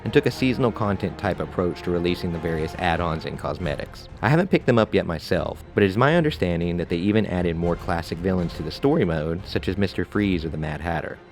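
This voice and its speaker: Deep-voiced male game reviewer. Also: fast, few pauses, soft background music. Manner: relaxed, conversational with casual asides. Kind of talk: scripted review narration.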